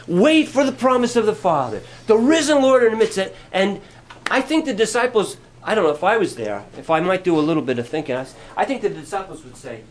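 Animated high-voiced male preacher. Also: moderate pace, slight background noise. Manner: animated, acts out quotes. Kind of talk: sermon.

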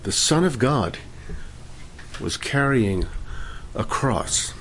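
A man leading worship and preaching a sermon, fervent in praise and gentle when he teaches. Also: mid-range voice, animated, takes it slowly, a little hiss or hum. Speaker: pastor.

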